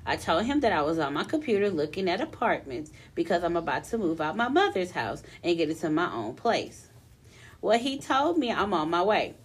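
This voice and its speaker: Animated young woman reading a story aloud. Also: fairly low pitch, moderate pace, breathy edge. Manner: animated storytelling, breaks into laughter often. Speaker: podcast co-host reading a listener's story. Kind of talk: casual podcast chat, reading a letter aloud.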